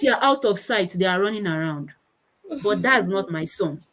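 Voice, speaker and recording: A woman in her thirties with a Nigerian accent, giving a conference talk on children's speech and acting out her children's voices in animated anecdotes. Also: mid-range voice, moderate pace, low-quality recording.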